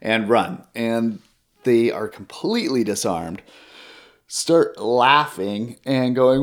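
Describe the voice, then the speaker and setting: A man hosting a podcast in casual chat with his wife, telling stories in a jokey, animated way. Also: mid-range voice, measured pace. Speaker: podcast host.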